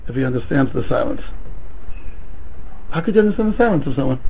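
On a tinny recording that sounds like a phone, a rabbi with a medium-pitched, gravelly voice and a breathy edge moves quickly through a Talmud class. He's animated, using stories and rhetorical questions and sprinkling Hebrew and Yiddish words into his English.

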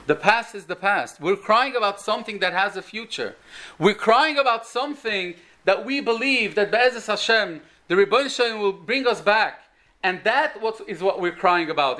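A man's voice: sits high, a bit bright. A man with an Orthodox Jewish English accent giving a Torah lecture, telling a story and rising to emphatic peaks. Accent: Orthodox Jewish English with Yiddish and Hebrew words. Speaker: rabbi giving a talk.

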